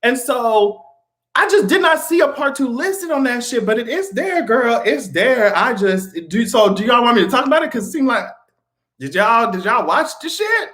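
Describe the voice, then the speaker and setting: A man chats through a casual commentary vlog in a lively voice whose pitch leaps up and down. He swears freely, laughs often and talks straight to his viewers. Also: normal speed. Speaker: vlogger.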